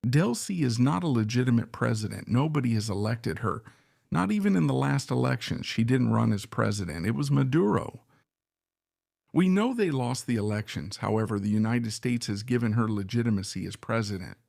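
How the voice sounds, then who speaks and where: Male commentator, gravelly, dry close sound, insistent and repetitive, asks rhetorical questions. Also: mid-range voice, animated, normal speed, darkish tone, no room sound. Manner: emphatic, repeats points and fires rhetorical questions. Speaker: political commentator. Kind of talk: opinionated current-affairs commentary.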